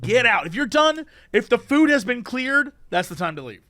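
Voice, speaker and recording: A man co-hosting a podcast, ranting and telling stories in an animated casual chat. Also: extremely high pitch, normal speed, no echo, studio quality. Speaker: podcast co-host.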